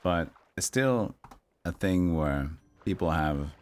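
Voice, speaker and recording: A man's voice: sits low, animated, slow pace, darkish tone. A young man chatting casually while streaming a video game and reading chat aloud. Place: home streaming setup. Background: game music.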